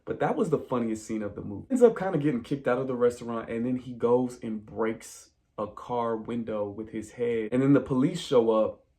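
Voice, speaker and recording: A man casually recapping a film plot in a spoiler review, telling it as an animated story and talking straight to his viewers. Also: medium pitch. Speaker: movie reviewer.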